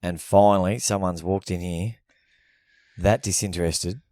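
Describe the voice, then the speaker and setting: A man banters on a podcast with dry, crude jokes. His voice sits fairly low and is recorded close with no room echo. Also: steady tone, unhurried, warm tone. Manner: dry, joking asides. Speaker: podcast co-host. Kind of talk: casual banter.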